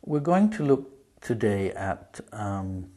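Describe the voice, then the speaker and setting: A man's voice: on the low side, big pitch swings, heavy background noise. A man teaching a spelling lesson, patiently sounding out syllables and words. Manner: patient, drawn-out sound demonstrations.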